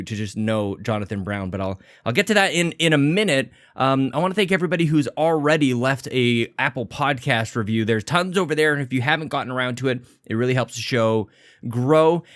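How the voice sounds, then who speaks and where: A man's voice: mid-range voice, fairly bright tone, no echo, clean studio sound. A man hosting a podcast, talking in a chatty, rambling, self-deprecating way and sounding a little out of breath. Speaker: podcast host. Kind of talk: energetic casual podcast intro.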